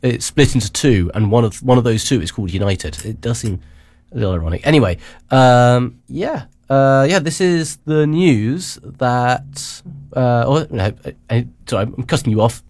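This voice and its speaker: A man hosting a casual news chat, rambling with many halting restarts. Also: mid-range voice, lively intonation, darkish tone, no room sound. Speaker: radio show host.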